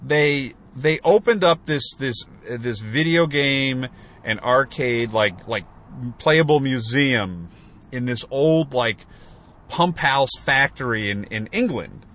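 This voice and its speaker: Lively, bright-voiced man chatting. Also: mid-range voice, slow pace. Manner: rambling, full of fillers and restarts. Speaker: podcast co-host. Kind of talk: casual chat.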